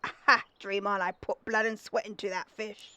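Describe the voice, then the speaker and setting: A woman's voice: medium pitch, level tone, drawn-out words, sharp tone, no room sound. Game voice: a woman playing an old fisherman peddling his catch, wandering accent, dry close read. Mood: folksy haggling. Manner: wavering put-on accent. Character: gruff old male fisherman, haggling village seller.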